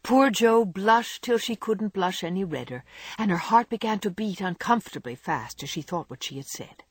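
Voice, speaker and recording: An audiobook narrator reads a classic novel in a measured, expressive way. The voice is husky and dry, recorded close with no room sound. The pitch moves in lively swings. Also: no echo. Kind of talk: scripted narration.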